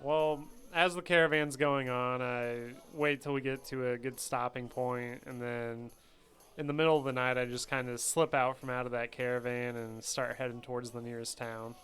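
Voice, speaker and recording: A man playing in a tabletop role-playing game, speaking briefly and relaxed, sometimes as his character in his own voice. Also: mid-range voice, normal speed, clear, resonant tone, soft background music. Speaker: player. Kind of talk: casual chat at a tabletop game.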